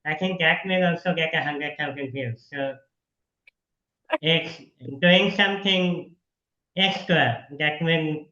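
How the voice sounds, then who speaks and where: A man's voice: fairly high pitch, slow, pushed and bright, reverberant, dull audio. A man interviewing a guest over a video call in a casual, chatty way, laughing often and encouraging the guest.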